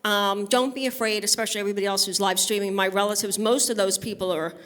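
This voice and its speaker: A Brooklyn, New York woman performs a brash, chatty stand-up set on stage at a live benefit, full of bawdy stories and crowd work. Her medium-pitched voice stays fairly even in intonation, moving at a quick pace with a fairly bright tone.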